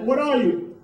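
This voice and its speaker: A man doing a stand-up comedy set in a club, profane and animated, talking with the crowd. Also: very high voice. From Puerto Rico heritage, New York. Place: comedy club, live audience. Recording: echoey club from far off.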